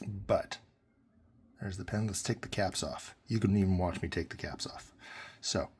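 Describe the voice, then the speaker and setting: Low husky man reviewing a pen. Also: normal speed. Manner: relaxed, rambling with fillers and self-corrections. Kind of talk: casual product review.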